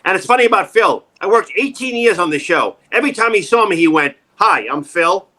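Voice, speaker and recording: A middle-aged man with a New York accent, telling jokey stories in a casual interview, animated and wisecracking. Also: high voice, quick pace. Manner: animated, wisecracking, jumps into quoted voices. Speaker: actor and comedian, interview guest. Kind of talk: casual interview, joking storytelling.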